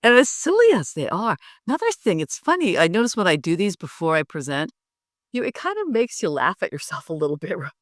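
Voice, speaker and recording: A middle-aged woman coaching public speaking, lively and often laughing as she demonstrates. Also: lowish voice, brisk, no room sound, clean studio sound. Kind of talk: instructive interview talk.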